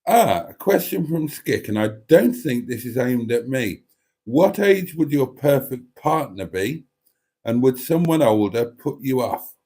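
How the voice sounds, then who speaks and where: A man's voice: mid-range voice, lively intonation, measured pace, warm tone. A middle-aged man hosting a live stream, chatting casually and rambling as he reads out viewer comments, a bit congested. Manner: rambling, self-interrupting and chatty.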